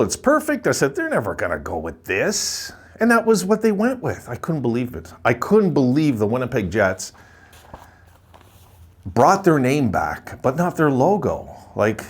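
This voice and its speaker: Animated man ranting about hockey logos. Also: slightly rough. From Buffalo area, Sabres fan. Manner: animated and ranting, mocks others in a high voice. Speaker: hockey video host. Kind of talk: casual opinion monologue.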